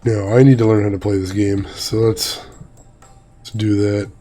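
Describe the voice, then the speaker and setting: Man, let's-play host, slightly weak voice, joking, reads game text aloud, lowish pitch, faint music. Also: level tone, normal speed, dark tone. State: voice a little weak. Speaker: gaming video host. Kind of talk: casual let's-play commentary.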